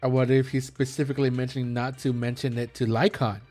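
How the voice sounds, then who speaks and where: A man's voice: medium pitch, flat delivery, quick pace, a little mellow, faint music behind. A man streaming a video game, casually commenting and reading the dialogue aloud. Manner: casual, playful, reads lines aloud.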